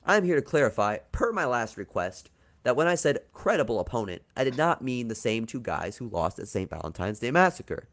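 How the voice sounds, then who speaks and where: A man's voice: medium pitch, sing-song, a little fast, fairly bright tone. A man reading out a smug wrestling authority figure's on-screen message in a mock-polite tone.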